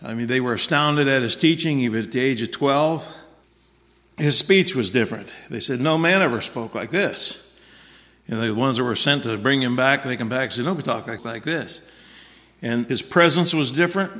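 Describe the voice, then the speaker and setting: A man's voice: medium pitch, normal speed, pushed and bright, big-room sound. A man preaching a sermon in a folksy, repetitive way, dropping in frequent amens.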